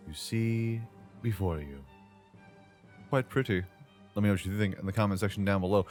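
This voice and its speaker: A man hosting a casual gameplay commentary, chatty and playful with loose slang and asides, recorded as a voice-over on a desk microphone. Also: on the low side. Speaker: gaming channel host.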